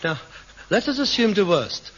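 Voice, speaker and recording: Whiny drama-queen son, high bright voice, lo-fi old tv sound. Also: sing-song, moderate pace, breathy edge, full character voice. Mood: reassuring. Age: young adult. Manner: theatrical, whining and self-dramatizing. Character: melodramatic hypochondriac grown son, touchy and vain. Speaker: grown son in a sitcom.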